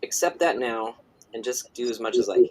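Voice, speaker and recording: A man's voice: mid-range voice, brisk. Laid-back man chatting on a drawing stream. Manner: relaxed, laughs often, reads chat aloud. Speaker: host of a live drawing stream. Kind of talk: casual chat while drawing.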